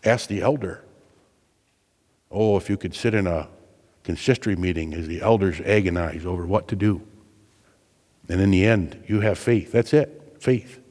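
A man preaching a sermon, stressing his points by repeating phrases and moving from loud urgency to hushed tones. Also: sits low, moderate pace, pauses often, in a large hall.

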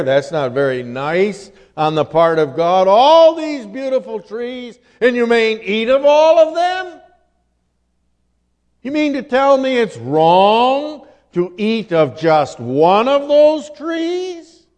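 A man's voice: high-pitched, very animated, takes it slowly, a little mellow, pitched above the performer's own voice, heavily acted. A preacher voicing the devil as a sly, tempting male figure who coaxes with mock-innocent questions. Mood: wheedling. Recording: long hall reverb.

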